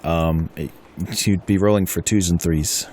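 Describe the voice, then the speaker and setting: A man's voice: low voice, fairly even intonation, measured pace, darkish tone, slight background noise. A man running a tabletop wargame session, explaining rules casually and chuckling often. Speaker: game master. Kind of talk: casual tabletop game talk.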